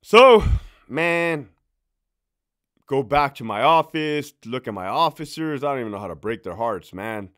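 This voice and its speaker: A man's voice: medium pitch, measured pace. A man and former prison officer telling a casual, profane story, laughing as he goes. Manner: animated, profane, laughing as he tells it.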